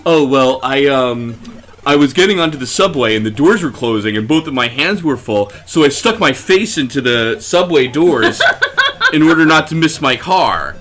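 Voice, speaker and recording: A man putting on the voice of a nerdy, breathy, creepy man in his forties, speaking awkwardly and matter-of-factly. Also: medium pitch, expressive, moderate pace, fairly bright tone, close to an everyday voice. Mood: sheepish.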